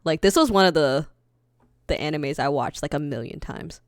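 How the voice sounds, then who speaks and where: A young woman co-hosting a casual anime podcast, animated, laughing often and swearing freely. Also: low voice, normal speed, no echo, clean studio sound. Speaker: podcast co-host.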